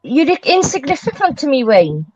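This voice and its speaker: A woman's voice: sits high, sing-song, normal speed, darkish tone, no echo. A middle-aged woman in a heated live-stream voice chat, curt and defiant, swearing. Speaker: stream caller. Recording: dull lo-fi mic with crowd noise.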